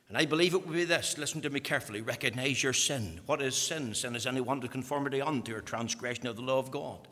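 A man preaching a fiery evangelical sermon. He drops to hushed whispers and then climbs into loud, high-pitched exhortation. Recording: echoey hall.

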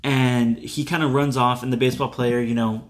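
A man co-hosting a podcast, recapping a movie in casual chat, animated and a bit crude. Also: mid-range voice, normal speed, over a noisy crowd. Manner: animated, swearing, playful voices in retellings. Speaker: podcast co-host.

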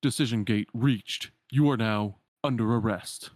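A man voicing a stern computer control program that gives flat, formal warnings. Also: lowish voice, measured pace, no room sound, clean studio sound, natural voice.

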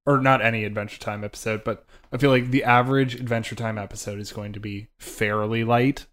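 A man's voice: on the low side, steady tone, brisk, a bit bright. A man co-hosting a podcast, hesitant and searching for his words. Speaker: podcast co-host. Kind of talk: casual chat.

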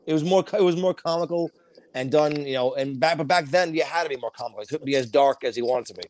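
A man with a fairly high voice chats casually and swears freely. He gets animated and slips into shouted, high impressions when he quotes people. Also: fast. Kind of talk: casual chat.

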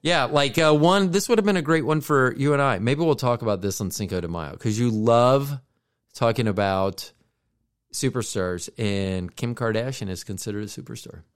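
A man's voice: medium pitch, normal speed, clear, resonant tone. A man co-hosting a podcast in casual chat, telling stories in a rambling way with many asides and restarts. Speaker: podcast co-host.

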